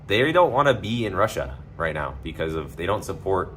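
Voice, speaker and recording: A man with a low voice that swings widely in pitch chats casually with his livestream viewers at a moderate pace. His tone is slightly bright, with a faint hiss or hum in the background. He rambles loosely, swears freely, and packs his speech with filler words.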